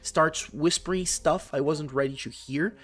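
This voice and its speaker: A man giving casual, excitable reaction commentary on a video game, swearing often and reading his own notes aloud. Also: fairly high pitch, unhurried. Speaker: gaming vlogger.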